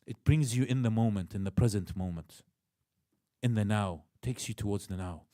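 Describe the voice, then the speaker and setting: A man with an Iraqi accent giving a religious lecture in a mosque, animated, acting out inner voices and asking the audience questions. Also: lowish voice, moderate pace, no room sound, clean studio sound.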